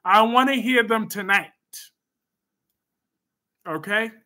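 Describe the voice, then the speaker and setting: A sassy male livestream host with a high, bright voice. He talks slowly and emphatically as he reads out viewer comments and answers them, breaking into sudden loud bursts. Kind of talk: casual livestream chat.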